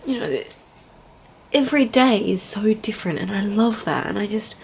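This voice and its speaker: A woman's voice: medium pitch, expressive, moderate pace, vocal fry, background noise. Chatty young woman vlogging at home. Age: young adult. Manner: rambling, chatty, heartfelt. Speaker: au pair vlogger. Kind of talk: casual vlog chat. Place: indoors at home.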